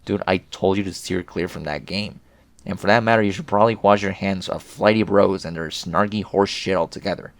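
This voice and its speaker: A man reading as a snarky deadpan teen boy. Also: sits low, fairly quick, dry recording. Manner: sardonic, rambling, crude. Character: snarky deadpan teenage boy chatting online.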